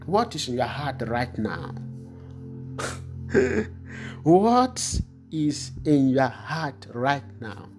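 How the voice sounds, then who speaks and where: A man's voice: fairly high pitch, very animated, extremely slow, long pauses, darkish tone, soft background music. A man preaching fervently as a pastor, repeating phrases and praying in tongues. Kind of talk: online prophetic sermon and prayer.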